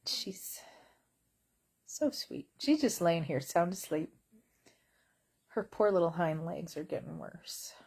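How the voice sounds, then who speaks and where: A woman's voice: on the low side, animated, a little slow, creaky, pauses often, warm tone, breathy edge. A woman vlogging from bed at home in casual chat, wry and blunt, rambling with lots of fillers.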